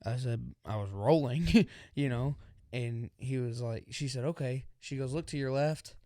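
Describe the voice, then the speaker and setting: A man's voice: mid-range voice, measured pace, no echo, studio quality. A young man co-hosting a podcast, telling a story in casual chat and acting out the voices of the people in it. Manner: animated storyteller acting out quotes. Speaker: podcast co-host.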